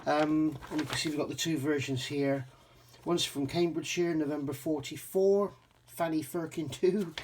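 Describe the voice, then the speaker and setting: A man's voice: on the high side, a little mellow. A man from England casually reviewing a scale model kit, chatty with frequent ums and self-corrections.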